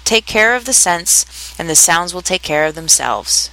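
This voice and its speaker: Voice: mid-range voice, animated, moderate pace, pushed and bright, poor audio. A reader voicing an affectionate old Duchess who keeps drawing morals in a confiding manner. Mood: moralizing. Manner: sententious, close and confiding.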